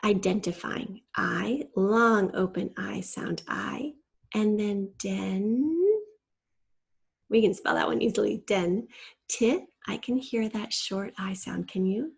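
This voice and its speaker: A woman's voice: medium pitch, steady tone, measured pace, creaky, husky. A woman teacher giving a patient, step-by-step spelling lesson and spelling out letters from a shared document.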